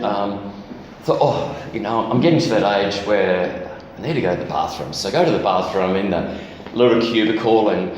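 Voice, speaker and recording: A man's voice: medium pitch, darkish tone, highs cut off, a little hiss or hum. Man preaching in an echoey hall. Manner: candid storytelling with self-deprecating humor. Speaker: guest preacher. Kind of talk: personal testimony sermon. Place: church hall.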